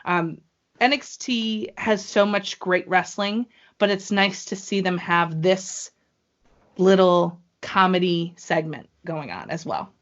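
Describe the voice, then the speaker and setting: A woman hosting a podcast in casual chat, excitable and playful, with ring-announcer flourishes. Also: lowish voice, slow pace. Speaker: podcast host. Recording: dull lo-fi podcast audio.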